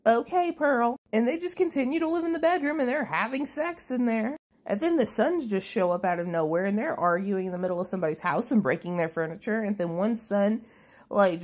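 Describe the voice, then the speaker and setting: A woman's voice: mid-range voice, darkish tone. Sarcastic, profane woman recapping a movie.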